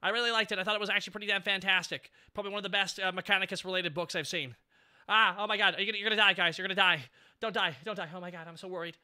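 A man in his thirties hosting a casual stream chat, excitable and prone to sudden yelps. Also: high-pitched, rapid-fire, clean tone. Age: 30s. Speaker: streamer host.

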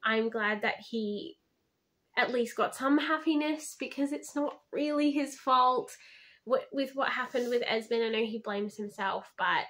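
A woman's voice: on the high side, a little slow, fairly bright tone. A woman reviewing a book in a casual vlog, gushing and heartfelt, often using "like" as filler.

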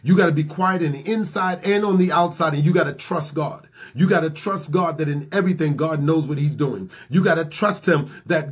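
Husky-voiced preaching pastor, a man. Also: high-pitched. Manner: preaching with rising, repeated lines, often slowing for emphasis. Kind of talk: sermon.

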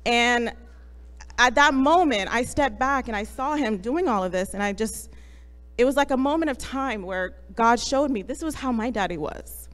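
Woman, mother, church testimony, soft and moved, fairly high voice, echoing sanctuary. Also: lively intonation, moderate pace. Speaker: church member giving a testimony. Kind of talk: personal testimony to a congregation. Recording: long reverb from a large hall.

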